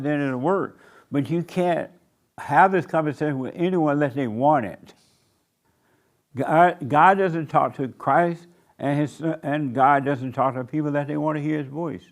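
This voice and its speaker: A man with a voice a touch higher than most men leads a church discussion in a room of listeners. He talks bluntly and teases the people he questions, pressing them with challenges. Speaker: pastor leading a church discussion. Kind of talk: blunt preaching in group talk.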